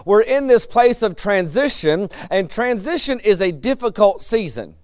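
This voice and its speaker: A man's voice: high-pitched, very animated, moderate pace, smooth, dry recording, studio quality. A middle-aged man preaching a sermon in a conversational way, chuckling between his points.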